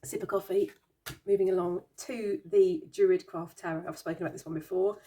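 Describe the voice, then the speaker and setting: Her voice is fairly low, steady, and dark, and she talks briskly as host of her own tarot channel. In this casual show-and-tell chat she giggles, sounding amused and baffled.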